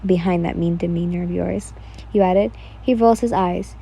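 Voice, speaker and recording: A woman's voice: on the low side, steady tone, moderate pace, vocal fry, mellow, husky. A woman casually reading a listener-insert fan fiction story aloud, stumbling and restarting now and then. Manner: reads casually, with slips and restarts.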